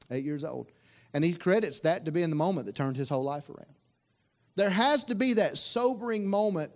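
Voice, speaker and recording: A male pastor, preaching a sermon in a folksy, conversational way with lots of repetition. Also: high-pitched.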